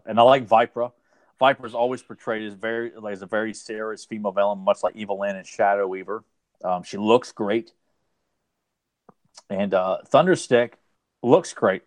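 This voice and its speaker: With a lowish voice on a dry recording, a man co-hosting a podcast rambles enthusiastically about an old cartoon in a casual, fan-talk style.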